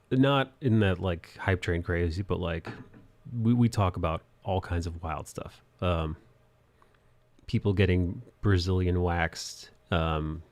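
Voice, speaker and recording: A young man with a low, darkish voice hosts a live drawing stream from an apartment in an old city building. He chats loosely, laughing and thanking viewers for their support in a casual live-stream conversation.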